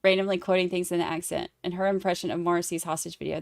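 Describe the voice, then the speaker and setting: A woman's voice: fairly low pitch, level tone, quick pace, gravelly, dry recording, clean studio sound. A woman hosting a casual livestream, chatting with viewers in a snarky, laughing way. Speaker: livestream host. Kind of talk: casual chat with live chat.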